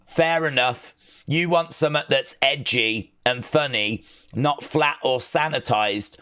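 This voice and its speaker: A man's voice: medium pitch, a little slow, bright, forceful tone, clean tone. A man hosting a casual livestream, rambling and joking as he reads text aloud to himself. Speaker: livestream host.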